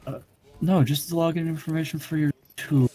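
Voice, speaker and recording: A man's voice: a little high, fairly even intonation, brisk, warm tone. A young man chatting with a friend during a game stream, swearing and laughing wryly. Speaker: gamer, video editor. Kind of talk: casual gaming banter.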